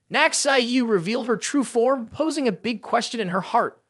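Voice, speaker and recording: Lively high-voiced male narrator. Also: normal speed, few pauses, dry recording, studio quality. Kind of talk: scripted story recap narration.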